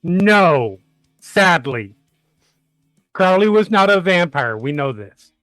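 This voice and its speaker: A man's voice: high voice, sing-song, takes it slowly, a bit bright, dry recording, faint music behind. A man chatting playfully as a tabletop game player. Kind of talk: casual chat.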